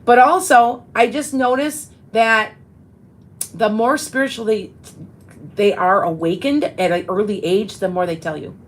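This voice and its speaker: A woman's voice: medium pitch, measured pace, poor audio. Middle-aged lady medium chatting on her show, rambles and restarts a lot. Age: 50s. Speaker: psychic medium host. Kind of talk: casual live-stream chat.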